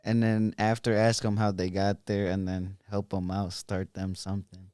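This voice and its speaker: A man's voice: low-pitched, flat delivery, normal speed, mellow, clear, resonant tone, no echo, studio quality. A young man in casual chat, eagerly chiming in with ideas.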